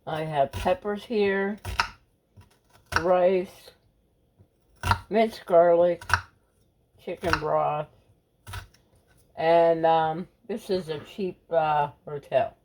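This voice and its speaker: A woman's voice: fairly low pitch, steady tone, drawn-out words, pauses often, background noise. A woman talking casually through a home cooking recipe in her kitchen, chatty and homespun. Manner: chatty, homespun, loose with restarts. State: has the hiccups. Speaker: cooking vlogger. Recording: loud frying sizzle behind.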